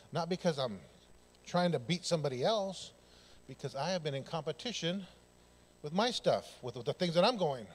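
Male preacher, slightly higher voice, lively storyteller, sermon in church. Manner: animated, loud bursts, laughing, acts out dialogue. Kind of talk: sermon with personal stories. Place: church sanctuary.

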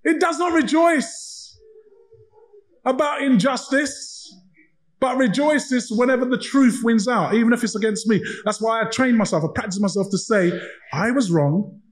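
A pastor with a strikingly high voice delivers a sermon. He tells his stories with animation and acts out both sides of each exchange, his voice climbing even higher at the peaks. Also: normal speed, rough recording. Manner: animated storytelling, acting out dialogue.

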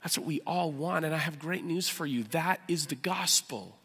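A pastor delivering a sermon in a church, his voice bright, forceful and fairly high for a man. He preaches with animation, building to loud outbursts and then dropping to a soft, prayerful tone. Long reverb from the hall follows his words. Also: normal speed, breathy edge. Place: church sanctuary.

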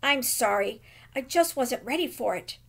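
A woman reading aloud and voicing a brave but lonely young girl who misses her mother, speaking quietly and haltingly. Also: sits high, lively intonation, gravelly, husky, heavily acted. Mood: tender. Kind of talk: reading a children's novel aloud.

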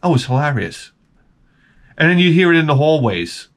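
Animated, rambling middle-aged man telling stories. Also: a little high, moderate pace. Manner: rambling, profane, animated storytelling. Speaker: vlogger. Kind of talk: casual storytelling monologue.

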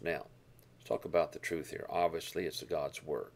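A man teaching a Bible lesson, explaining verses and Greek words with deliberate emphasis on key words. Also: rumbling low, creaky.

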